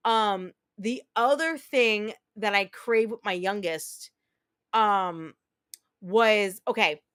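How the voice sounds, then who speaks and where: Speaking slowly in a mid-range, fairly bright voice with no echo, this woman rambles through stories during casual gaming chat. She's a streamer in her thirties from New Jersey, sitting near her mic and restarting her thoughts often.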